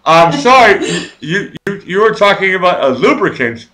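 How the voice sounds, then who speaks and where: A man's voice: high voice, sing-song, moderate pace, bright, forceful tone. Stammering man hosting a live show. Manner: rambling, stammering, crude jokes. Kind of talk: casual live chat.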